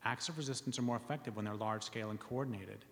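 A man's voice: lowish voice, rapid-fire, gravelly, fairly bright tone. Man giving a talk in a reverberant hall. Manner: earnest, with wry asides and many ums. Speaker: speaker reading from his book. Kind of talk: public talk reading premises to an audience.

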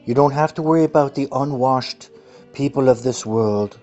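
A smug, scheming father, hushed and condescending, lulling his child back to sleep, as a man puts him on. The voice drops low and quiet. The audio is muffled, with faint music behind. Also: normal speed, close to an everyday voice.

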